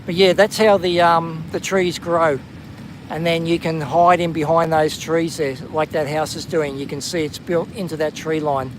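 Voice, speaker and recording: A livestream host with an Australian accent talks at normal speed in a voice on the high side, his intonation fairly even. Out walking on a windy coastal headland, he chats casually and names viewers as he greets them; poor audio adds a little hiss or hum.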